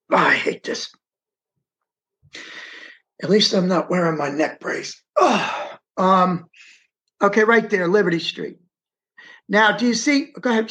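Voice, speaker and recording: An eyewitness in an interview describes what happened in vivid first person, leaning on key words and pausing to instruct someone moving a map on the screen. His voice sits high and sounds a little bright.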